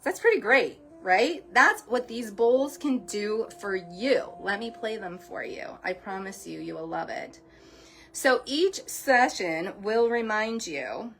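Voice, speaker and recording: A middle-aged woman hosts a sound healing talk, speaking directly to her viewers in an earnest, encouraging, casual motivational style. Her voice is fairly high-pitched and a bit bright.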